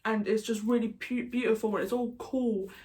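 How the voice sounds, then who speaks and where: A woman's voice: a little high, fairly even intonation, normal speed, darkish tone. A British woman chatting casually to camera, rambling and jokey, going off on tangents. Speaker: YouTuber. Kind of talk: casual vlog chat.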